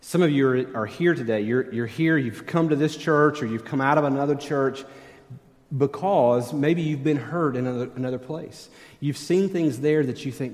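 A man's voice: mid-range voice, normal speed, darkish tone. A middle-aged male pastor preaching a sermon in a church sanctuary, conversational and wry, with self-deprecating humor. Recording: long church hall reverb.

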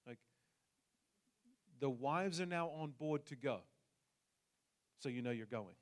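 A man's voice: mid-range voice, expressive, takes it slowly. A man from New Zealand with a New Zealand accent, telling a personal story in a sermon with jokes for the congregation. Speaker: pastor.

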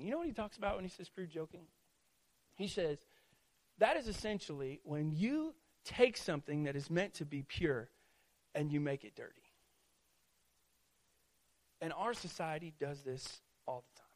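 Conversational, high-voiced man preaching a sermon. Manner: conversational preaching with frequent "right?" and "okay?" asides; rises to loud, high-pitched emphatic preaching. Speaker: pastor.

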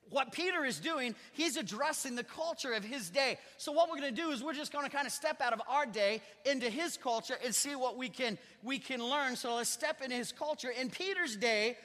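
A man's voice: extremely high pitch, sharp tone. A man, a pastor, preaching a sermon in a conversational style and pushing hard on key words. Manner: conversational preaching with emphatic rising stresses. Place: church sanctuary. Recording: church hall reverb.

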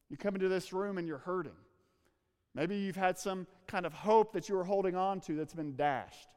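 A man with a high voice preaching an earnest sermon, drawing out words and sinking to a near hush to press a point. The sound rings out in a big hall with a long reverb tail. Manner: earnest, slows and drops to a hush for emphasis. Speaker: pastor. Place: church room with a congregation.

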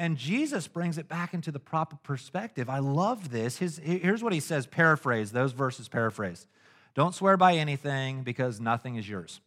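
A middle-aged man preaching a casual, conversational sermon, animated and slangy, acting out little stories as he goes. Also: on the high side. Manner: animated and casual, with slangy asides and acted-out anecdotes. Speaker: pastor.

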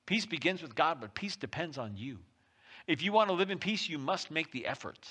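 A male pastor giving a conversational sermon, swinging between loud pushes and soft drops. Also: fairly high pitch, expressive, brisk, breathy edge. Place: church.

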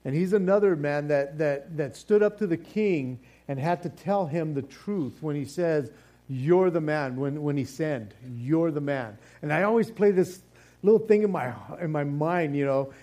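Man, casual Bible study teacher, warm mellow tone, slightly high voice, rambling, repeats words. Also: moderate pace. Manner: acts out quoted exchanges playfully.

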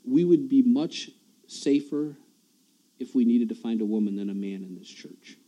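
A man's voice: medium pitch, normal speed, mellow, muffled recording. A man preaching a sermon in a church, talking in a conversational way, often repeating words and chuckling at himself.

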